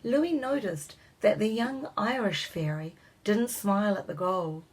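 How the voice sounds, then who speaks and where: A woman reads a children's story aloud as narrator. Her voice is breathy and sits at an ordinary middle pitch. She lifts her tone gently whenever a character speaks. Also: unhurried, low-quality recording.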